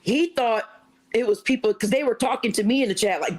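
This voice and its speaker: A woman's voice: on the high side, fast talker, rough recording. A woman telling a story casually on a livestream, acting out what others said to her. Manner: animated retelling, acts out quoted chat voices. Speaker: livestream guest.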